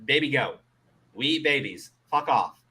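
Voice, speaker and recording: A man from the Middle East hosts a casual commentary program, his medium-pitched voice keeping a measured pace. His ranting is animated and full of profanity, punctuated by regular laughs and stammered restarts.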